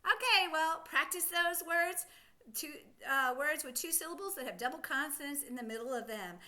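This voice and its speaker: Middle-aged woman teacher, high and animated, coaxing a child through phonics with encouraging questions. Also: moderate pace.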